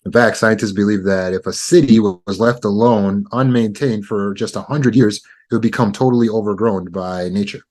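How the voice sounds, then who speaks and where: This trauma recovery teacher has a lowish, somewhat dark voice and talks at normal speed with barely a pause. In his self-help teaching talk on beating insecurity, he takes the listener through each step in turn and goes back over the key ideas.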